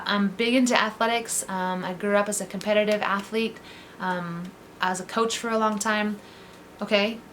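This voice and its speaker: Brief: mid-pitched middle-aged woman, earnest coach-like vlogger, faint hiss on the track. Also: a bit bright. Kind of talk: encouraging direct-to-camera talk.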